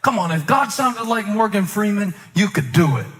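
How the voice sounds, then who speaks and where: A male pastor with a high, light voice delivers an impassioned sermon, rising into loud sing-song cries and then dropping to quiet, low asides. His words ring out with a long reverb that fills a large hall. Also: animated, normal speed, a little hiss or hum.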